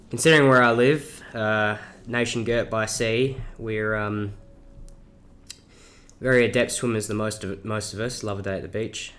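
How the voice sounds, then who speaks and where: A seventeen-year-old guy with a South Australian accent rambles through a casual Q&A vlog, full of fillers and swearing. His voice sits lowish and a bit bright, and he's a YouTuber in his teens.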